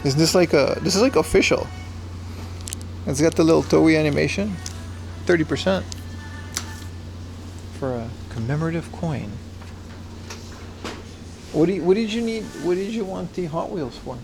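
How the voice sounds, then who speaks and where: A man with a slightly high, gravelly voice rambles casually to his livestream chat while he browses shelves in a store. His talk is loose and slangy. Faint music plays behind him. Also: lively intonation, moderate pace, pauses often, a little mellow. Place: secondhand shop in Japan.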